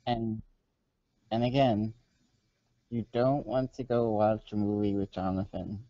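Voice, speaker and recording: A man's voice: on the low side, fairly even intonation, measured pace, no echo. A man co-hosting a casual podcast chat, dry and teasing in his remarks. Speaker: podcast co-host. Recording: dull lo-fi podcast mic.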